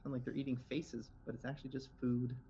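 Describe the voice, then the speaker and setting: A man acting as game master for a tabletop game, chatty and relaxed with many fillers. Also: medium pitch, fast talker, slightly rough. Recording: slightly dull lo-fi audio.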